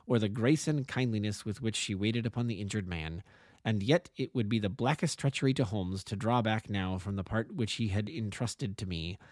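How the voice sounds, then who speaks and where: A man's voice: medium pitch, a little mellow, dry recording, studio quality. A man, an amateur narrator, reading a classic detective story aloud and now and then correcting small slips.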